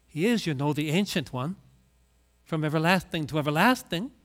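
Male preacher, high voice, slow, very lively storytelling delivery. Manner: storytelling, acts out quoted voices. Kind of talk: sermon.

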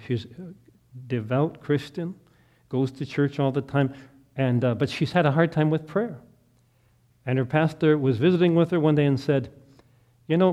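A middle-aged man preaching a sermon, telling a story that swells to loud, impassioned peaks and sinks back to soft, quiet prayer. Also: fairly high pitch. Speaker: pastor.

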